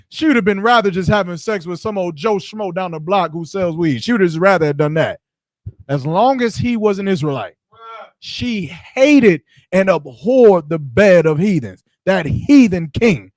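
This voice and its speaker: A man's voice: high-pitched, darkish tone, no room sound. A man teaching scripture in short punchy lines, asking rhetorical questions and directing a reader between verses. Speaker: Bible teacher. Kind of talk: street-style scripture teaching.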